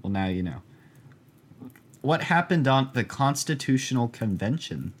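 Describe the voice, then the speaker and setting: A man's voice: mid-range voice, very animated, a little slow. A man hosting a casual podcast, quizzing his co-host with dry, teasing jokes.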